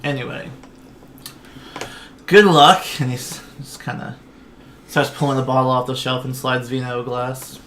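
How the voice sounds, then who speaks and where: Casting: male game master, mid pitch, laid-back scene-setting, faint background noise. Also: moderate pace. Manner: relaxed, descriptive, many fillers. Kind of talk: narrating a tabletop game. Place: home, online stream.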